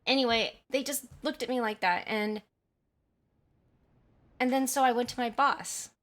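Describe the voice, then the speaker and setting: A woman's voice: fairly high pitch, unhurried, a bit bright. A woman livestreaming from home, casually telling a story and stopping to read and answer chat messages, often apologizing. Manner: chatty, apologetic, reads chat aloud. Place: at home by a window.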